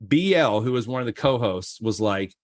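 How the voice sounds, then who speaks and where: A middle-aged man from Florida tells a story as a podcast guest. He slips into acted-out voices for the people in it, jumping up high for the excited ones. His voice sits at an ordinary pitch, recorded dry and close. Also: moderate pace, dry recording. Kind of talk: animated storytelling.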